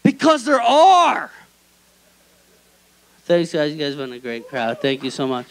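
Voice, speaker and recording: A man's voice: medium pitch, fast talker, clear, resonant tone, poor audio. A young man doing a stand-up comedy set in a small club, telling a story with lots of energy. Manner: animated storytelling with acted quotes.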